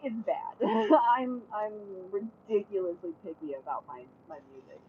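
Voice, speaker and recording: A young woman talks straight to her camera in a casual, unfiltered way, swearing freely. She turns blunt and heated and can rise into loud angry ranting. The sound is dull and lo-fi, with a faint hiss of noise behind her. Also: mid-range voice, expressive, a little slow. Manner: blunt and heavily profane, flaring into loud angry rants. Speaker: vlogger. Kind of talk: casual chat to camera, reading viewer comments.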